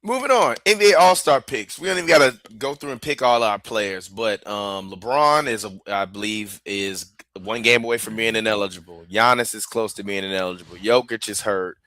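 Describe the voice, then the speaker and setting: A man's voice: fairly low pitch, animated, a little fast, bright, forceful tone, no room sound. A man co-hosting a casual talk show, arguing his point and then moving through the topics. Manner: argumentative, then steering topics like a moderator. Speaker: podcast co-host.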